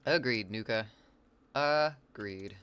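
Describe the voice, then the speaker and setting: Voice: mid-range voice, takes it slowly, a bit bright, smooth. Rambling, chatty game streamer. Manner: rambling and chatty, reads chat aloud and answers it; playful wordplay and silly asides. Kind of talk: casual live-stream chat while gaming.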